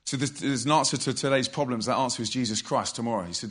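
Forceful husky preacher man. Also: mid-range voice, fast talker, few pauses. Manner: energetic storyteller, loud bursts of emphasis. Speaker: youth evangelist. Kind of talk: preaching testimony to a live audience.

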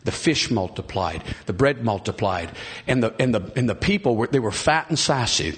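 A middle-aged man preaching a sermon, retelling a scripture story with excitement. He often repeats and restarts phrases and calls out to the congregation. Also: medium pitch, fairly quick, slightly rough.

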